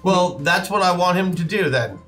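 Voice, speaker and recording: A man playing a tabletop role-playing game, asking quick questions and planning his moves. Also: high voice, animated, fairly bright tone, faint music behind. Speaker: player. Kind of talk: casual game chat.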